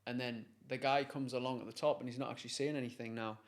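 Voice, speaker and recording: A man tells a story as a guest in a conversation. He is animated and pulls listeners in, with a middle-pitched voice. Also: fast talker. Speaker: guest, motivational speaker.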